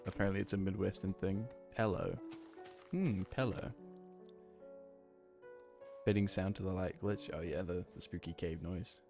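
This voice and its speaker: With music playing in the background, a man speaks in a low, steady voice, fairly quickly and with few pauses. He's a game streamer from New Zealand with the accent to match, playfully rambling, filling his thoughts with ums and ahs while playing and reading chat.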